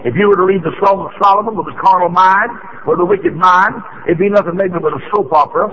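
A man preaching a fervent revival sermon, building to shouts and using frequent "uh" fillers between phrases. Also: high-pitched, quick pace, muffled recording.

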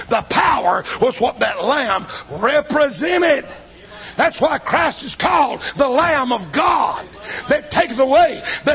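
A man preaching a revival sermon in a church, swinging between shouting and low, hushed lines. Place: church building.

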